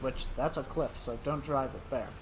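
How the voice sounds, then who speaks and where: A man's voice: mid-range voice, normal speed, noisy background. A man giving let's play commentary who talks to the dinosaurs on screen and yelps and shrieks when startled. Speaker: gaming commentator.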